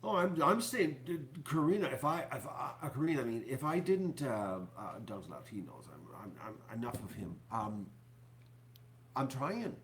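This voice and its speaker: A man hosting his own channel, talking to viewers in a rambling, halting way full of fillers and restarts, sounding depressed and upset. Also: mid-range voice, sing-song, a bit bright, slight background noise. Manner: halting, repeats words, many fillers. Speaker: YouTuber host. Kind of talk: rambling live-stream talk to viewers.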